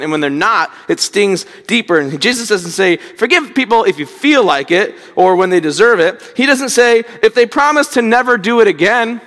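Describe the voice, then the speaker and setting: A man's voice: high voice, fairly bright tone, big-room sound. A man preaching a conversational sermon, often repeating words and acting out quoted speech. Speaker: pastor.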